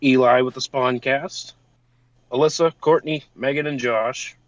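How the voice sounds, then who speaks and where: Swearing co-host on a dull mic. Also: male voice, mid-range voice, fairly even intonation, measured pace, no echo. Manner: swears casually, reads off thank-yous. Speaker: podcast co-host. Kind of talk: casual chat.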